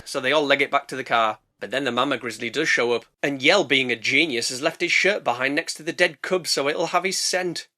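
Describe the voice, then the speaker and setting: A man's voice: mid-range voice, brisk, hardly any pauses, sharp tone. Sarcastic man recapping a film. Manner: sarcastic, jumps into silly character voices. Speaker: film reviewer. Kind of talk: comedic movie recap narration.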